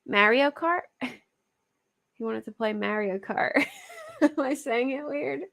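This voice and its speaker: A true crime livestream host with a Philadelphia accent speaks slowly in a high, gravelly voice with wildly swooping pitch. She chats casually with her live chat viewers, laughing often and fretting, self-consciously, over how she pronounces words.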